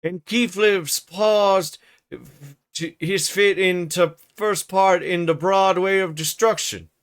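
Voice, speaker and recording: Male narrator doing a dour, pious old servant; higher, louder, drawn-out rustic scolding. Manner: slow, croaking preacher-like scolding in broad rustic dialect.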